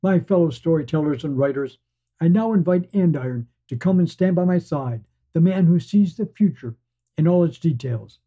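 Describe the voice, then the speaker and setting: A man's voice: a little high, lively intonation, moderate pace, warm tone. A man voicing a charismatic male hero who slays dragons, making a grand speech to a crowd in a read-aloud story. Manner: declaiming, orator addressing a crowd. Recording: dull lo-fi sound.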